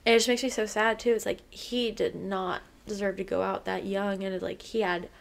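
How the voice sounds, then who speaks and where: A woman's voice: mid-range voice, fairly even intonation, moderate pace, vocal fry. A young woman co-hosting a laid-back fan podcast. She rambles along with lots of "like" fillers, and her voice carries real feeling as she talks. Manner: chatty, lots of "like" fillers, emotional. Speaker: podcast co-host. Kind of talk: casual fan podcast chat.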